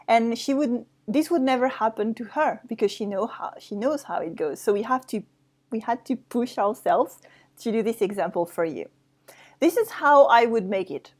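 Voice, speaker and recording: A French woman with a French accent, teaching a language lesson step by step. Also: fairly high pitch. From France. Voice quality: explaining step by step, with restarts.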